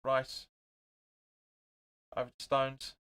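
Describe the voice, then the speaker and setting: Young male streamer, middle pitch, excitable watch-along commentary that mixes play calls with viewer chat. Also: extremely slow, clean tone. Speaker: host of a live football watch-along.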